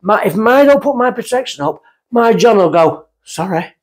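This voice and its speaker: A middle-aged woman with a slightly husky voice talks as a guest on a podcast. She tells her stories in an animated, casual way and slips into little voices for the people in them. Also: a little high, moderate pace. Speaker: guest medium. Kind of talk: casual storytelling chat.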